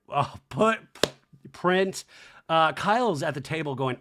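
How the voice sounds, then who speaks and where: A man hosting a podcast, recapping reality TV in a chatty, animated, profane way. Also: fairly high pitch, slow. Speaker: podcast host.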